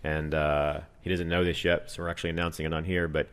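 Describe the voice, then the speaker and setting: A man co-hosting a podcast who works as a tattoo artist, talking in relaxed casual chat and laughing often. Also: very deep voice, quick pace, clean tone. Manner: relaxed, laughs often, many fillers and "right" backchannels.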